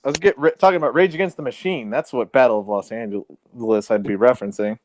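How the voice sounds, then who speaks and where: A man co-hosting a podcast, telling stories with excitable, swinging emphasis in casual banter. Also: medium pitch, quick pace, slight background noise. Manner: excitable storyteller with sudden swings in loudness. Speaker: podcast co-host.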